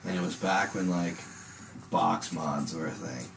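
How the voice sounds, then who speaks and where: A man's voice: unhurried, creaky, background noise. A young man telling rambling, profane party stories in a casual podcast chat. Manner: rambling, swears a lot, bursts into loud high impressions. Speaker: podcast host.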